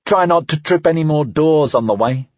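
A man voicing a practical young male deputy who speaks in a calm, gently reminding way in an audiobook. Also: on the high side, normal speed, no room sound, highs cut off, pitched above the performer's own voice, lightly acted. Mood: steady.

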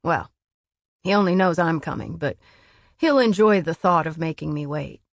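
A woman voicing a gruff, sardonic young male warrior in an audiobook, speaking dryly with a muttering edge. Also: low voice, very animated, moderate pace, no echo, heavily acted.

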